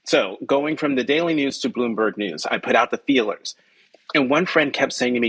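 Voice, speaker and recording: Heard in a low-quality recording, a man with a husky voice talks at normal speed as a podcast guest. A journalist, he tells a personal story animatedly, voicing quoted dialogue with jumps in pitch and peppering it with ums and self-corrections.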